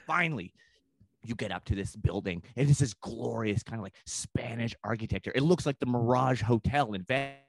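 Man, comedian, comic storytelling, swears a lot, rambling, middle pitch, dry close sound. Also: gravelly, dry recording. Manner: profane, rambling, slips into quick put-on voices. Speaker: comedian guest.

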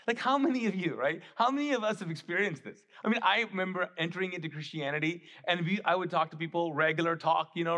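A man's voice: a little high, sharp tone. A male pastor from the Middle East, preaching a sermon in a conversational, emphatic way.

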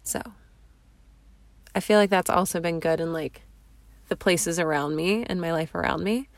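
A woman's voice: fairly low pitch, moderate pace, no echo. A woman hosting a casual solo podcast, chatty and rambling with frequent laughs, recorded in her parked car. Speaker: podcast host.

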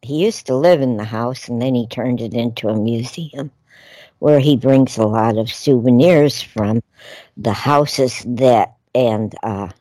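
A woman's voice: a bass voice, a little slow, mellow, dry recording. A woman co-hosting a radio talk show, telling a story in a meandering, chatty way with many fillers. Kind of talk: casual radio chat.

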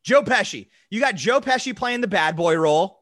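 Bright, excitable man joking around. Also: high-pitched, moderate pace. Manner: excitable, profane, riffing. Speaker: podcast co-host. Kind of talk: casual comedic banter.

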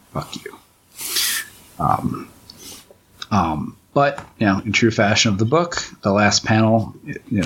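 A man's voice: low voice, vocal fry, a bit bright, slight background noise. A man who writes comics, talking through his own book on a casual commentary track, rambling and often restarting his sentences. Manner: rambling, halting, many restarts and fillers.

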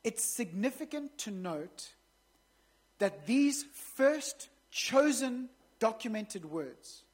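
A woman's voice: fairly high pitch, lively intonation, slow, darkish tone, breathy edge. A woman pastor preaching a sermon in a conversational way, with joking asides to the congregation.

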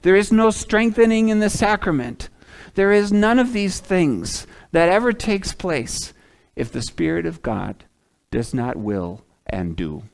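A man preaching a sermon as a pastor, swinging from loud emphatic lines to hushed ones and acting out quoted speakers. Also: high voice, big pitch swings, a little slow, gravelly. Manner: acts out the prophet's and God's words in quoted asides.

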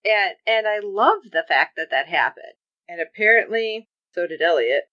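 A woman's voice: on the low side, moderate pace, dry recording. A woman co-hosting a podcast, chatting casually about a TV episode and acting out characters' lines. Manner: animated, acts out characters' lines. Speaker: podcast co-host. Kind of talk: casual TV recap chat. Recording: dull lo-fi recording.

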